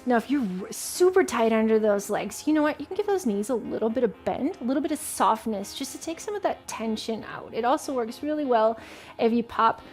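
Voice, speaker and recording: A woman's voice: on the high side, animated, brisk, darkish tone, soft background music. A woman hosting a home workout show, guiding viewers through push-ups and stretches with encouragement, a little out of breath. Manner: encouraging, counting reps aloud with laughs. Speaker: fitness instructor and host. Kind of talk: guided home workout instruction.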